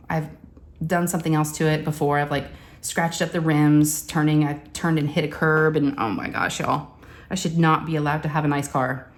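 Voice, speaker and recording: Woman, casual vlog storytelling, animated, lowish voice. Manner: animated, acts out quotes, says y'all. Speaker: crafting vlogger.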